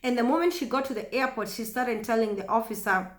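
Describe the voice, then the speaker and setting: A woman with a Kenyan accent telling a story casually to camera, chatty and animated, often laughing. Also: fairly high pitch, fast talker. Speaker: vlogger. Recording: echoey room.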